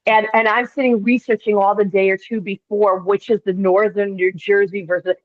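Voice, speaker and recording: A woman's voice: mid-range voice, little pitch movement, normal speed, no room sound, phone-quality sound. A woman from Chicago, an actor guest, chatting and giggling on a video call from her seat. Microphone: video call, seated.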